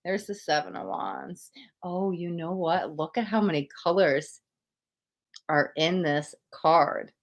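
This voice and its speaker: A woman's voice: fairly low pitch, slow, gravelly. A young woman hosting a live-stream tarot reading, emotional and gushing as she talks straight to her viewers.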